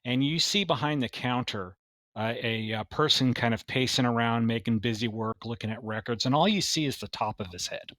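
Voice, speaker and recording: A man narrating as game master in a tabletop game, with a slow pace and many "uh" fillers. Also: medium pitch, fairly bright tone, dry recording.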